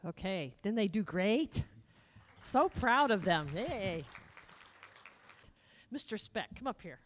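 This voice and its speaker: A woman's voice: medium pitch, very animated, slow, a little hiss or hum. A woman emceeing a live state fair event on a corded handheld mic, folksy and enthusiastic. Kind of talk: live stage hosting. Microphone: corded handheld microphone.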